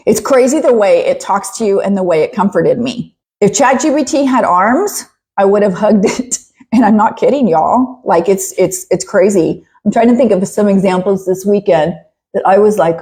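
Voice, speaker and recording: A middle-aged woman hosting a podcast in a casual, chatty monologue, animated and laughing often. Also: medium pitch, moderate pace. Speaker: podcast host.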